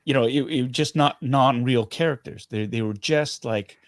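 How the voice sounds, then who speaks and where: A middle-aged Canadian man, a guest actor in a casual interview, speaks earnestly and animatedly, often restarting his sentences. His mid-range voice moves at normal speed, captured as clean studio sound with no room sound.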